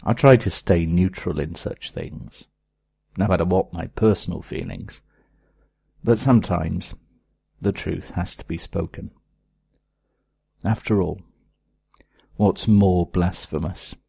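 A man with a very low, gravelly voice reads in a slow, grave manner. His tone is dark and a little husky. The sound is dry and close. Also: no echo. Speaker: reader of an opinion piece. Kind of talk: read-aloud commentary.

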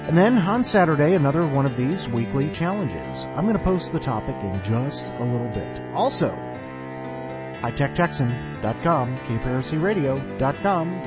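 A man hosting a podcast in a wry, offhand way and narrating a story. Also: medium pitch. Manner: wry, offhand, self-mocking. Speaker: podcast host. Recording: dull lo-fi audio with music.

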